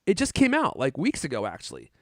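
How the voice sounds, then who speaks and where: A man's voice: fairly high pitch, huge pitch swings, quick pace, fairly bright tone, no echo, clean studio sound. A man co-hosting a tech podcast in casual chat, joking and rambling, laughing often. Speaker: podcast co-host.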